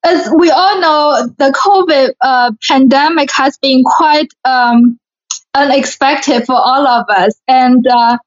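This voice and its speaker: High-voiced woman with a Chinese accent. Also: slow pace. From Shanghai, China. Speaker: guest, beauty pageant winner. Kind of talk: casual interview talk. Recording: lo-fi recording.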